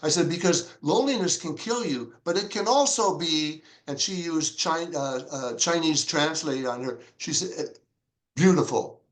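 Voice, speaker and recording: Man, pastor, fairly high voice, animated storytelling, acts out dialogue, echoey room. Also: normal speed, hardly any pauses. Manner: animated, acts out quoted dialogue with big pitch jumps. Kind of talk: conversational interview storytelling.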